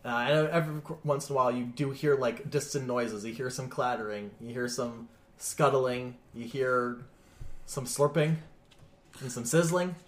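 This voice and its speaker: Running a tabletop game as game master, a man narrates in a relaxed way, chuckling and adding sound effects. His mid-range voice holds a steady tone at a moderate pace, and the room sounds echoey.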